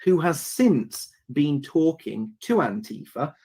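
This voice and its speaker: Slow, husky man giving a speech. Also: fairly high pitch, big pitch swings, a little mellow. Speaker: speaker in a played clip. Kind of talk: public speech.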